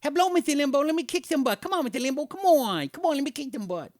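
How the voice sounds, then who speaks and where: A high, brash boxer who keeps taunting and begging for a fight, as a man puts him on for a comic bit. The voice jumps well above a normal speaking tone, and the recording is dry and close. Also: lively intonation, fast talker, a little mellow, no room sound.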